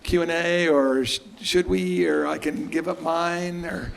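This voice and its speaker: Gravelly man interviewing onstage. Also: fairly high pitch, steady tone, a little slow. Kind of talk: casual onstage conversation.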